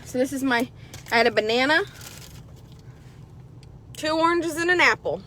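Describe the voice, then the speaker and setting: A woman vlogger chatting casually from her car, telling a story in an animated way and swearing often. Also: high-pitched, moderate pace. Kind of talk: casual chat. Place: car while driving. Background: vehicle noise.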